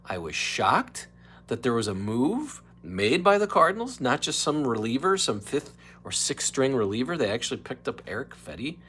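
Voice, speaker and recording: A man's voice: mid-range voice, very animated, normal speed, fairly bright tone, slight background noise. A man hosting a casual solo live stream, chatting in a rambling way and dropping into mock whispers and voices.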